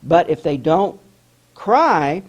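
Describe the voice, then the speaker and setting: A man voicing a commanding ninety-year-old midwife who talks loudly and bluntly and is half deaf. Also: low-pitched, big pitch swings, takes it slowly, husky, highs cut off, heavily acted. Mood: matter-of-fact. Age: older.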